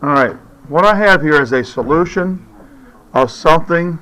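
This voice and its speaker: A man's voice: on the high side, lively intonation, moderate pace, a bit bright, rough recording. A man teaching a chemistry demonstration in a classroom, firm and shushing his chattering students. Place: school classroom.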